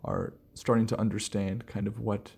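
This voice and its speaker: A man hosting a relaxed solo podcast, rambling casually with lots of fillers and restarts. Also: fairly low pitch, moderate pace, creaky, husky. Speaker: podcast host.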